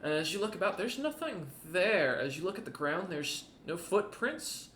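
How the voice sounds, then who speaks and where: A man's voice: high voice, big pitch swings, moderate pace, fairly bright tone, echoey room, a little hiss or hum. A man narrating a tabletop game as game master, rambling with fillers and restarts.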